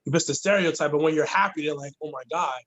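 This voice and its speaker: A young man on a podcast, a guest with a somewhat high voice. He talks bluntly and with passion, and curses casually. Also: fast talker, fairly bright tone. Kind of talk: casual chat.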